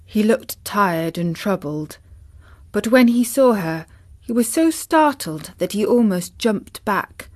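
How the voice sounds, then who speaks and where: Brief: woman reading a storybook aloud, unhurried, middle-pitched, gentle. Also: lively intonation.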